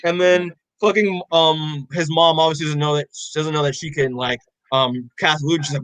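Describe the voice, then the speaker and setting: A young man on a podcast, casually retelling a story in a loose, rambling way, full of filler words and frequent swearing. His voice sits a little high for a man. The sound is close and dry, with no room echo. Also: little pitch movement, a little fast, fairly bright tone, clear, resonant tone. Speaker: podcast co-host. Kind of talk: casual chat recapping a comic.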